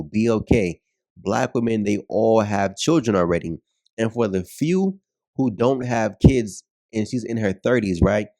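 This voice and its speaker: A man ranting on camera in a blunt, profane, repetitive way. His voice is mellow and dark-toned, recorded dry and close with no room sound. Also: lowish voice, dry recording. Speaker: commentator. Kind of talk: ranting video commentary.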